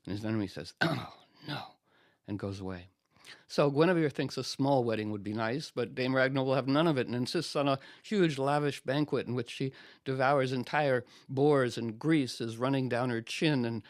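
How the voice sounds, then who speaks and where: A man recounts an old legend in animated, casual chat, tripping over restarts as he goes. His voice sits in a middle pitch. The recording is dry and close. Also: normal speed, no room sound. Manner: animated storytelling full of restarts.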